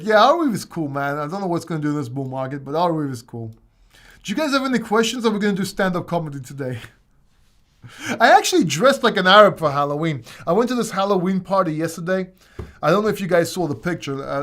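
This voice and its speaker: A man's voice: a little high, a bit bright. A man hosting a casual crypto livestream Q&A, joking and laughing often as he rambles through viewer questions. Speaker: crypto channel host.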